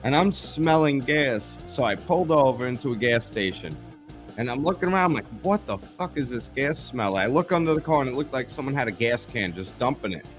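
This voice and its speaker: A man's voice: medium pitch, expressive, fairly quick. Male host, casual live stream chat, swears a lot, tells stories, faint music behind. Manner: profane, storytelling, greets viewers by name.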